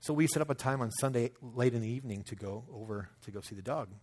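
A man's voice: medium pitch, quick pace, darkish tone. Storytelling man preaching a sermon. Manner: conversational storytelling, acts out quotes. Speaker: pastor.

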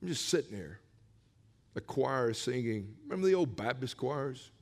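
A middle-aged male pastor preaching his personal testimony, telling it with animated swings from hushed asides to shouts. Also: medium pitch, moderate pace, slightly rough. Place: church sanctuary. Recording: long reverb of a large church hall.

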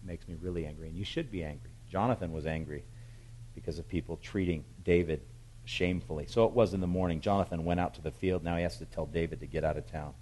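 A man preaching a sermon, retelling a Bible story with animated, emphatic storytelling. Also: low-pitched, fast talker, slight background noise, low-quality recording. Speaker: pastor.

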